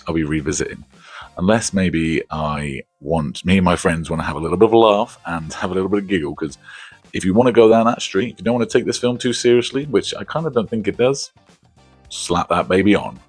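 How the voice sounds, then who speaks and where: A man's voice: deep voice, brisk, husky, dry recording, soft background music. A man hosting a casual movie review, rambling, laughing often and swearing casually.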